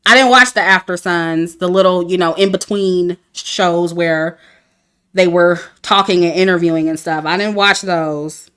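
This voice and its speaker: A woman's voice: on the low side, steady tone, unhurried, a bit bright, clear, resonant tone. A woman, talking casually to her chat about a dating show, candid and laughing often. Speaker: reality TV commentator. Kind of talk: casual review livestream.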